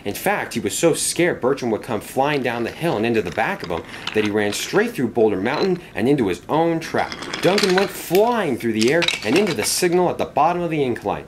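Animated man narrating a storybook tale. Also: mid-range voice, brisk, few pauses, background noise.

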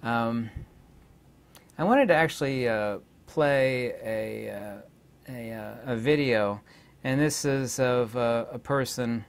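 Guy venting to his channel, lots of ums, middle-pitched, goes on and on. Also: takes it slowly, clean tone. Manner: indignant, hesitant, many filler words. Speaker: channel host. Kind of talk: rambling casual monologue.

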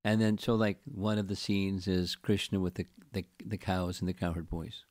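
A man giving a scripture lecture as a spiritual teacher, speaking in a halting way with frequent restarts and repeated words. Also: low-pitched, steady tone, a little mellow, no echo, clean studio sound.

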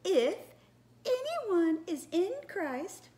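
A woman's voice: extremely high pitch, sing-song, warm tone, voice pushed up, heavily acted. A woman putting on a sweet storybook princess voice. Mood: sweet, showy. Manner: slow, drawn-out, sing-song reading. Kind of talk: reading a Bible verse in a put-on voice for children.

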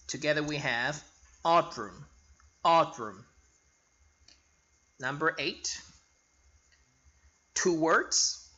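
A male phonics teacher with a bright, fairly high voice that rises and falls a lot. He talks slowly and clearly, spelling out letters one by one. He repeats each word for learners to follow. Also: highs cut off. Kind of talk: slow spelling lesson.

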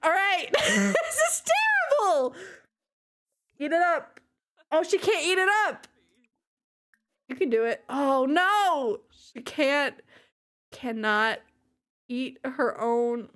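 A woman's voice: high voice, sing-song, slow pace, long pauses, fairly bright tone. A young woman streaming a life-sim game who keeps exclaiming and breaking into helpless laughter as she greets chat. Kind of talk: live gaming stream chat.

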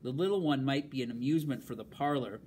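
A man's voice: medium pitch, lively intonation, fast talker, a little mellow, a little hiss or hum, close to an everyday voice. A man reading aloud and voicing a stern, haughty colonial mistress who gives clipped, cold orders. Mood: cold, commanding.

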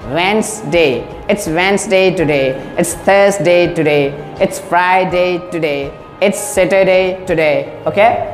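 A woman's voice: mid-range voice, echoey room, big-room sound. A woman teaching a beginner English lesson who says words twice for drill and checks in often. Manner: slow, repeats words for drilling pronunciation.

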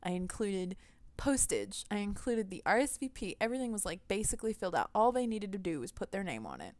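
A woman's voice: mid-range voice, big pitch swings, a little fast, no echo. A young woman venting animatedly in a casual vlog rant, laughing often. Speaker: gaming vlogger.

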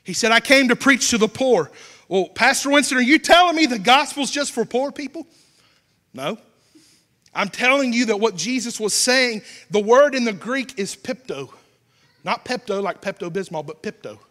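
A young man with a Southern American accent preaching a sermon with passion, going from shouts down to a hushed near-whisper. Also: high-pitched. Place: church. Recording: long church hall reverb.

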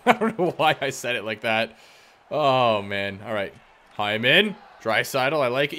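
Male let's-play commentator, bright and sharp tone, jokey play-by-play with sudden outbursts. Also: medium pitch, big pitch swings, measured pace. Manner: talks to himself and the game, teasing opponents. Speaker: gaming YouTuber.

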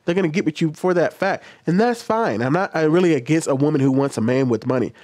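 A man's voice: on the high side, lively intonation, quick pace, a little mellow, no echo, clean studio sound. A man hosting a casual commentary video, telling stories and talking straight to his viewers. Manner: chatty, storytelling, talks directly to viewers. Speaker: commentary host.

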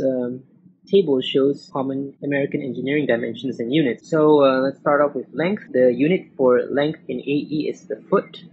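A man giving a recorded lecture over slides, methodical, stopping to spell out unit symbols letter by letter. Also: medium pitch. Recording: muffled old recording with faint hiss.

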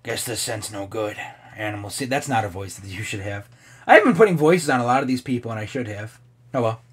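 A man's voice: mid-range voice, sing-song, quick pace, slight background noise. A man giving casual gameplay commentary, rambling off topic, swearing now and then and laughing often. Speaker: let's play gamer.

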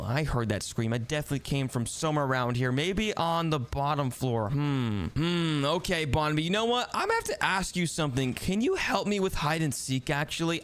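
Excitable young adult gaming host. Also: medium pitch. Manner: excitable, exclamatory, narrates every move. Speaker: channel host and gamer. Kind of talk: gaming let's-play commentary.

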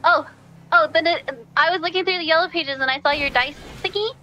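A woman in GTA roleplay, ditzy and rambling, pitching a silly pun. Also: a little fast, pushed and bright, dull audio. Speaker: roleplay character on a phone call.

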